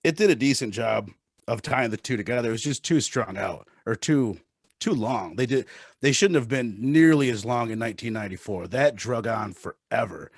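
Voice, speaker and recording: A man's voice: mid-range voice, normal speed, creaky, breathy edge, no room sound, studio quality. An American man speaking as a guest on a casual podcast, blunt and opinionated. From United States. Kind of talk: casual chat.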